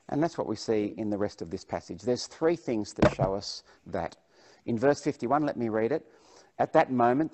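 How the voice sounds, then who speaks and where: A man's voice: mid-range voice, mellow. A man preaching a sermon, reading Bible verses aloud with emphasis and then explaining them.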